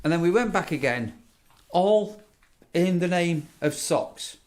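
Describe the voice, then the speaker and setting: A man's voice: high-pitched, animated, slow pace, darkish tone, no room sound. A man vlogging at home at night, telling a rambling story and teasing his companion in casual chat.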